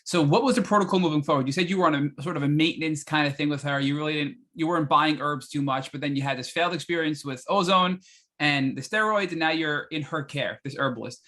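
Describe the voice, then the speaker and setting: A man hosting a podcast, recapping his guest's story and asking questions in an animated, sometimes apologetic way. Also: on the high side, quick pace. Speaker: podcast host.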